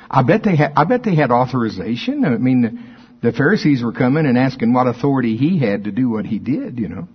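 A man preaching a sermon, telling stories with animated delivery and acting out quotes in a raised voice. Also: mid-range voice, fairly quick, husky, muffled recording. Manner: animated storytelling, acts out quotes with rising voice.

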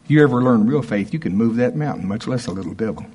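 Brief: male pastor, husky, mid-pitched, emphatic sermon delivery. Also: expressive, fast, warm tone. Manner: emphatic, conversational preaching with rising punches.

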